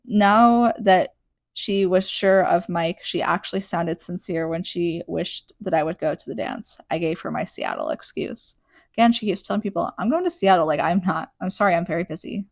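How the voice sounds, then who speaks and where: A woman's voice: fairly low pitch, normal speed, vocal fry, no room sound. A young adult woman hosting a podcast, recapping a book in a chatty, sarcastic way full of "like". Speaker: podcast host.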